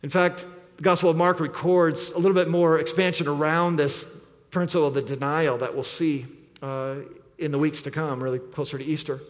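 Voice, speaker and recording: A man preaching an earnest sermon as pastor, often dropping low and quiet to press a point. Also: little pitch movement, a little fast. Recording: long hall reverb.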